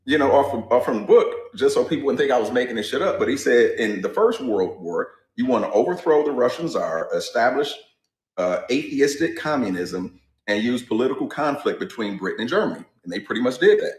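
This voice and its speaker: A man's voice: mid-range voice, expressive, a little fast, echoey room. A man ranting bluntly and casually, swearing as he builds his point. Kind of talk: casual rant. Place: garage.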